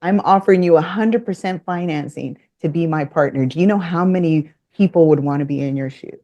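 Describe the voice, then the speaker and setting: Lady low mellow voice, chatty story, plays out who said what. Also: a little fast, lo-fi sound. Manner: animated, acts out both sides of conversations. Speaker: podcast guest. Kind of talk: casual storytelling.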